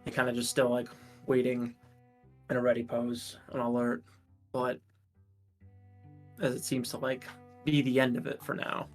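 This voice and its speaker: A man's voice: medium pitch, monotone, normal speed, long pauses, faint music behind. A man hesitantly describing his character in a tabletop game, full of fillers. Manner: hesitant, full of likes and ums. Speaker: player.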